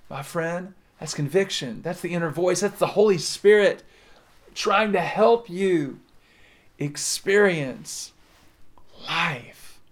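A man preaching a sermon in a fairly high voice. He leans hard into some words and lets others drop quiet and slow. He keeps turning back to the listener. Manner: dynamic preaching, swings between loud emphasis and soft drawn-out words. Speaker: pastor.

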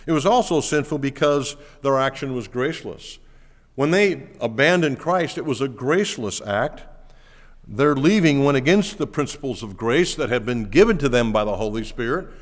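A man's voice: medium pitch, animated, moderate pace. Man preaching in a reverberant hall. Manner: preaching with rhetorical questions and quoted scripture. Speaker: pastor. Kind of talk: sermon.

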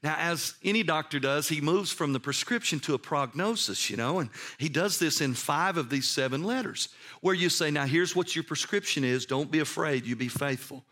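Preacher man, hushed to emphatic. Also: on the high side, moderate pace. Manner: swings between soft hushed passages and loud emphatic ones; repeats words when excited, conversational asides. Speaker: pastor. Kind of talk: sermon.

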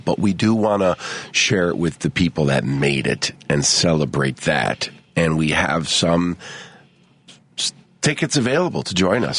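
Deep-voiced playful male radio co-host. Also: a bit bright, no echo. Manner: playful, jokey, breaks into sung rhymes. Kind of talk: casual radio chat. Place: radio studio.

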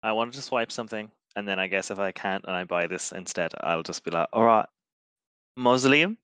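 A man's voice: low voice, fast, pushed and bright, clear, resonant tone, dry recording. Playful rambling player, man. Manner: rambling, playful, many fillers. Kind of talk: casual tabletop play.

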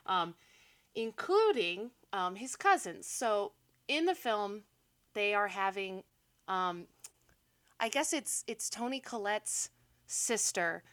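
A young woman talks through a film plot in loose, animated podcast chat. Her voice is bright and crisp, and she laughs often and drops sarcastic asides. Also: mid-range voice, slow, pauses often. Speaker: podcast co-host. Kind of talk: casual movie recap chat.

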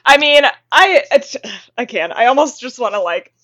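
A young woman, a podcast guest in casual chat, talking in an animated way, getting worked up and laughing often. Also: sits high, moderate pace, no room sound.

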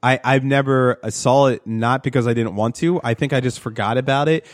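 A man at an ordinary middle pitch who rambles in a relaxed way and swears freely. His voice is recorded dry and up close, with no room sound. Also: a little fast, no echo. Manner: laid-back, profane, rambling. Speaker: podcast host. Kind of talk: casual chat.

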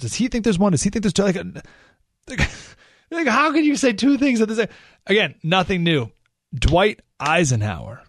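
Animated, sarcastic talk radio host. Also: male voice, a little high, dry recording, studio quality. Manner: animated, sarcastic, rhetorical questions.

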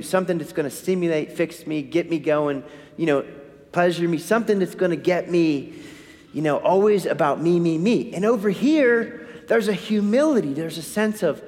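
A man's voice: fairly high pitch, moderate pace. A man preaching a sermon in a church, asking his listeners questions and answering them himself. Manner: animated, asks the congregation questions. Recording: hall reverb.

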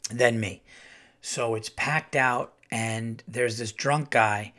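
A middle-aged man telling a casual, animated story as a comedian hosting his podcast. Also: takes it slowly. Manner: animated, acts out quotes in a louder higher voice.

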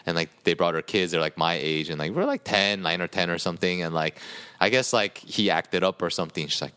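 A man's voice: sits low, brisk, pushed and bright, clear, resonant tone. A man in his thirties on a podcast, talking casually and filling his sentences with "like" and "you know". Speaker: podcast co-host. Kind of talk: candid podcast conversation.

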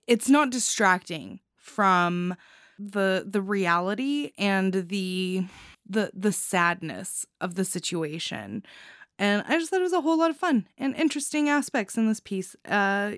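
A woman giving casual spoken reviews of anthology stories, giddy and quick to laugh, sometimes stumbling over her words. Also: medium pitch, no room sound, studio quality.

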